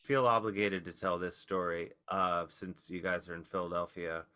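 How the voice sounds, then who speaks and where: A man, a comedian guest, telling rambling, wry stories in casual podcast chat with animated outbursts. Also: low-pitched, moderate pace, clean tone.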